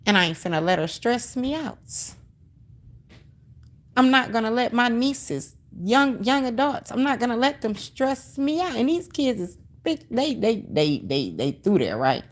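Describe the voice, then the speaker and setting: Her voice sits fairly high and swings widely in pitch, moving at a measured pace. The middle-aged woman runs a casual livestream, answering viewer comments with emphasis and sass, preaching a little and repeating herself.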